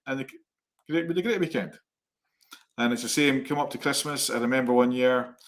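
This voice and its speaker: Animated man telling stories. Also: medium pitch. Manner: animated, rambling anecdotes with laughs. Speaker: co-host. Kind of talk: casual storytelling chat.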